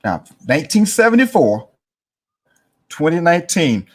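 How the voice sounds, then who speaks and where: A man's voice: medium pitch, expressive, normal speed. A man in his sixties from East Texas, a guest telling a story in an interview and acting out the voices of people he quotes. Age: 60s.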